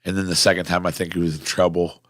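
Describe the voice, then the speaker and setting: A man's voice: deep voice, level tone, fast talker, fairly bright tone, no room sound, clean studio sound. A man hosting a podcast in casual chat, reading out viewer comments with a teasing, wry manner.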